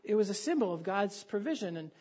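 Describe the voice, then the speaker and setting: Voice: medium pitch, sing-song, quick pace, darkish tone, husky. A preacher giving a conversational sermon, reading Bible passages aloud and putting questions to the listeners.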